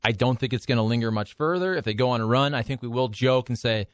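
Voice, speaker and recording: A man's voice: mid-range voice, fast talker, no room sound. A man co-hosting a sports talk radio show in a studio, giving emphatic opinions in casual banter. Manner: opinionated, emphatic hot takes. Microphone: studio microphone.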